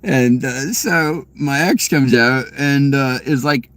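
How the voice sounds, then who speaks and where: A man talks in a middle-pitched voice, telling a story off the cuff from inside his car. He rambles, swears freely, and stumbles through plenty of fillers and false starts. The sound is close and dry, with no room echo. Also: takes it slowly, hardly any pauses, fairly bright tone. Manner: rambling, profane, full of fillers and restarts. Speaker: vlogger. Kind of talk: casual storytelling monologue.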